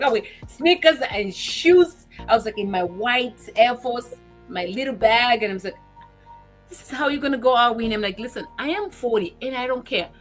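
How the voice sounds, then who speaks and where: Animated woman in her forties telling stories. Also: mid-range voice. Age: 40s. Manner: animated storyteller who acts out quoted dialogue. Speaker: talk show host. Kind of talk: casual chat.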